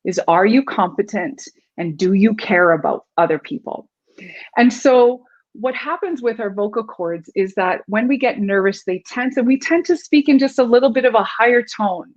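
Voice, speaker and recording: A woman's voice: mid-range voice, a little mellow. A woman speaks as a guest coach, explaining communication with little spoken demonstrations. Her voice sits in a middle range for a woman. The recording is dull and lo-fi. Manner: demonstrative, explains with vocal examples. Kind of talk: instructive interview talk.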